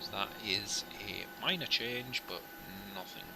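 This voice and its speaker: A man's voice: medium pitch, unhurried, loud music behind the voice, rough recording. Chatty man streaming flight sim. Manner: chatty, jokey, rambling asides to viewers. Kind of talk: casual live-stream chat with radio calls.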